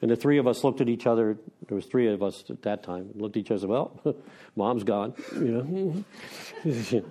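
Middle-aged man, mellow tone, frank rambling recovery-meeting share with wry laughs. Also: medium pitch, animated, a little fast, husky. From Pennsylvania. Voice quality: rambling, with restarts and self-deprecating laughs. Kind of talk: candid personal share.

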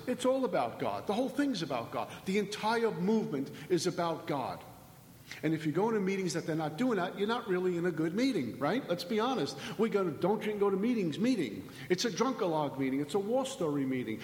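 Middle-aged man, slightly high voice, emphatic recovery-meeting speaker, preachy and repetitive; echoey hall. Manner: emphatic, preachy, repeats phrases and rhetorical questions. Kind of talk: impassioned recovery talk. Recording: echoey hall with long reverb.

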